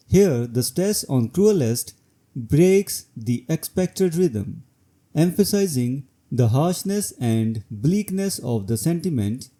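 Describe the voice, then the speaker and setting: A man reading a scripted educational narration in an even, measured way. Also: on the high side.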